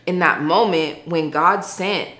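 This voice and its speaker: A woman's voice: fairly low pitch, slow pace, fairly bright tone, reverberant. A woman giving an earnest, conversational faith testimony as an interview guest, often saying "like". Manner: earnest, conversational, heavy use of "like".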